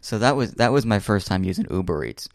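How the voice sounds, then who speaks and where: A man's voice: on the low side, very animated, fast, gravelly, dry recording, clean studio sound. Rambling young man telling a story. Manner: rambling, many fillers and restarts, laughs while telling. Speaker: storyteller in casual chat. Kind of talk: casual chat.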